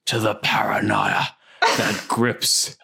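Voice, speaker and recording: A man doing a slow film-star impression. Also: fairly low pitch, very animated, gravelly, bright, forceful tone, breathy edge, heavily acted. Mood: mock-serious. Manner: slow, drawn-out reading that keeps breaking into laughter.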